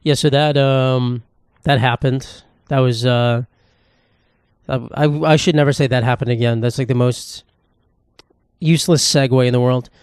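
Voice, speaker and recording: A man's voice: mid-range voice, fairly even intonation, a little slow, long pauses, smooth, no room sound, studio quality. A young man hosting a solo comedy podcast, rambling and sarcastic, swearing freely. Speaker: podcast host.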